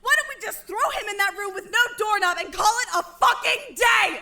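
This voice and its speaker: A woman voicing a hot-headed, reckless student who shouts and swears in a fan audio drama. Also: extremely high pitch, lively intonation, moderate pace, creaky, exaggerated voice. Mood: furious.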